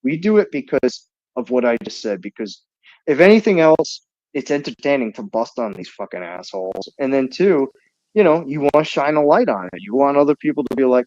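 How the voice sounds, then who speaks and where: A man's voice: medium pitch, lively intonation, fairly quick, a little mellow, no echo. A man hosting a casual call-in livestream, ranting in a heated, profane way. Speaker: livestream host. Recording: dull lo-fi stream audio.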